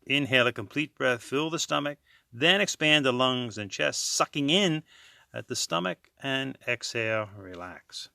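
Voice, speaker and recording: A man leading a guided breathing lesson as a yoga teacher, counting beats and chanting slowly and calmly. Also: mid-range voice, creaky, clean tone, no room sound, clean studio sound. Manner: slow, calm counting and chanting.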